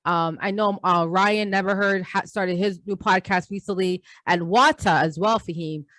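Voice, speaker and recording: A woman co-hosting a sports podcast in casual, animated chat, slangy and quick to laugh. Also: mid-range voice, no room sound. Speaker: podcast co-host.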